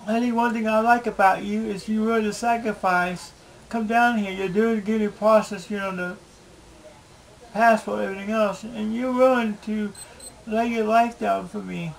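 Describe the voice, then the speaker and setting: Pleading man with a gravelly voice. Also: sits high, steady tone, poor audio. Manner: pleading, repetitive, halting. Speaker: video blogger. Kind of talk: emotional personal video diary.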